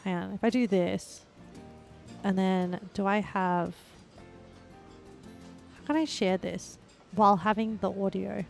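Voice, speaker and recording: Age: young adult. Role: game streamer. Style: rambling casual chat. Pitch: mid for a woman. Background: faint music. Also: slow, creaky, pauses often. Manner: chatty and rambling, heavy on "like" fillers; bursts into excited squeals and laughs.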